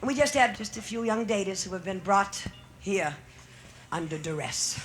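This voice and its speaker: A woman's voice: mid-range voice, lively intonation, normal speed, background noise. A middle-aged woman comedian doing a bawdy live stand-up routine on a nightclub stage, teasing the audience with brassy banter.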